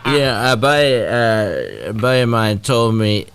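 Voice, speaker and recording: A man panelist in casual chat, slow and offhand. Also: on the low side, big pitch swings, noisy background.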